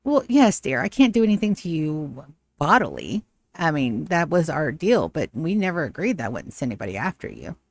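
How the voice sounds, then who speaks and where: A woman's voice: low-pitched, sing-song, brisk, a little mellow, dry recording, voice pushed down, exaggerated voice. A woman voicing a poised female cult leader in a tabletop game, sweetly condescending and fond of calling people dear. The recording is close and dry. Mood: coy.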